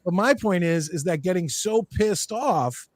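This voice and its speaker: A man hosts a loose sports call-in chat, his voice sitting high for a man. He rambles and corrects himself mid-sentence. The sound is close and dry. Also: expressive, unhurried, no room sound. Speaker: show host.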